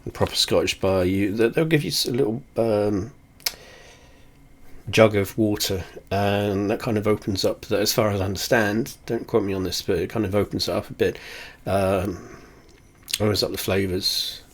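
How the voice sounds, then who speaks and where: Sitting very close to his camera at home, a man reviews whiskey in a casual, rambling chat at normal speed. His voice is on the low side, and he's self-deprecating, swearing offhandedly.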